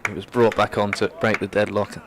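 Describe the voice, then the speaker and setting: A young man doing live cricket commentary from a commentary box, getting loud and excited at big moments. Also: brisk, noisy background. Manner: lively, rises sharply in pitch and volume at big moments. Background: faint crowd and ground ambience.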